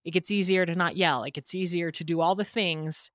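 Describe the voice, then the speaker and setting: A woman's voice: fairly low pitch, steady tone, brisk, no echo, clean studio sound. A woman hosting a podcast interview, speaking in an affirming, encouraging way. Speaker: podcast host.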